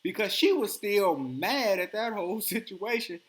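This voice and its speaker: Animated male podcast host telling stories. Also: high voice, normal speed. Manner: animated storytelling, acts out quotes. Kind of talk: casual chat.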